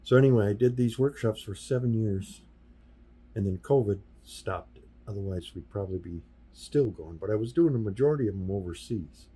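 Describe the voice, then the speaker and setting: A man talks through stories in a relaxed studio interview. His voice is deeply husky and dark in tone. He keeps the talk casual and anecdotal, briefly putting on the voices of the people he quotes. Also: brisk. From US Midwest. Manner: anecdotal, acts out quoted dialogue in passing. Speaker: sign painter and workshop teacher, podcast guest. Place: podcast studio.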